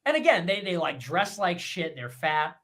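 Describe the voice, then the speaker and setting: A man's voice: fairly high pitch, sing-song, bright, forceful tone. Man ranting with scornful profanity. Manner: fast, profane, scornful with mocking laughs. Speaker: livestream commentator. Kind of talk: ranting monologue.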